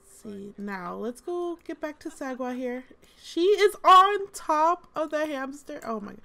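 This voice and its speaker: A woman's voice: on the high side, expressive, moderate pace, creaky, sharp tone. A woman host giving casual, amused gameplay commentary, chatty with lots of fillers. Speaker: gaming channel host.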